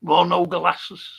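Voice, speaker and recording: A man's voice: sits high, creaky, a bit bright, slightly rough. An older man hosting a livestream, rambling casually, swearing and chuckling as he reads out viewer comments. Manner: rambling and profane, chuckling often. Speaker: livestream host.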